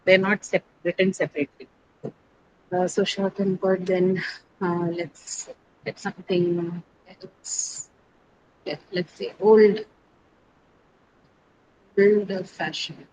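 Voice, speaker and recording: A woman's voice: on the low side, little pitch movement, takes it slowly, pauses often. Female teacher, online class, explanatory, keeps asking "right?", noticeable background noise. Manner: explanatory, often checks with "right?". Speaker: English teacher.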